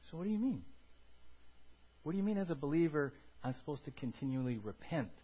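Husky male pastor preaching animatedly. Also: brisk, lo-fi sound. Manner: animated, swings from loud emphasis to low quiet asides. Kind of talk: sermon.

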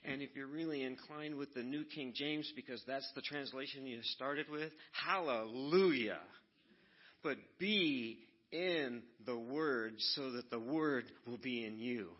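A man's voice: medium pitch, fairly even intonation, normal speed, few pauses, dull audio. A man preaching with emphatic call-and-response. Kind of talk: sermon.

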